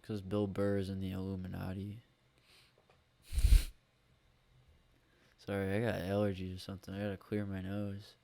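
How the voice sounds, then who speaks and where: A man's voice: sits low, monotone, moderate pace, vocal fry, pauses often, dark tone. A man hosting a solo podcast on a USB microphone, rambling and grumbling with lots of swearing. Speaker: podcast host.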